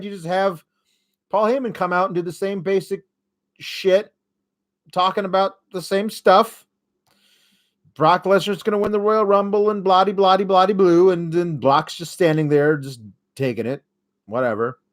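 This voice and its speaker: A man's voice: high-pitched, fairly even intonation, measured pace. Rambling sarcastic male host. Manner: sarcastic, rambling, swears when annoyed. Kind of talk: casual solo commentary.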